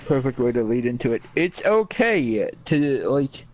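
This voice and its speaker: A man's voice: medium pitch, big pitch swings, a little slow, poor audio. A young man co-hosting a casual podcast chat, rambling and joking with many restarts. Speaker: podcast co-host. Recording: faint background noise.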